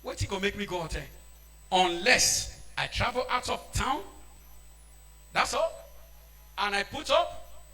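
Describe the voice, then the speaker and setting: A man with a Nigerian accent preaching a sermon, shouting and switching into Pidgin. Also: sits high, sing-song, unhurried, pauses often.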